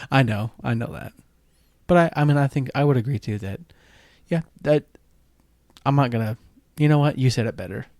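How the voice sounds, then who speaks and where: A relaxed man chats on a podcast about theater. He is easygoing and agreeable and often chimes in with short replies. His voice is mid-pitched and recorded close and dry. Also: normal speed, pauses often, dry recording. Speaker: podcast co-host. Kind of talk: casual chat about musical theater.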